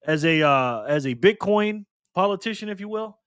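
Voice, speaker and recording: A man's voice: high voice, expressive, normal speed, smooth, no echo, clean studio sound. A man hosting a casual live stream, joking and chatty as he reads donations and chat messages aloud. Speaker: livestream host.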